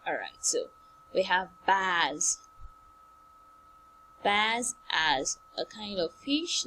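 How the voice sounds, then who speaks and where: A woman teacher giving an online class, repeating and stressing words slowly for her pupils. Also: lowish voice, vocal fry, a little hiss or hum, rough recording.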